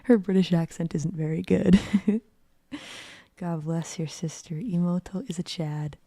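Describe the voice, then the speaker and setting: A woman's voice: lowish voice, fairly even intonation, measured pace, dark tone, no room sound. A young woman whispering through a long, rambling late-night story, with frequent restarts. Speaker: streamer.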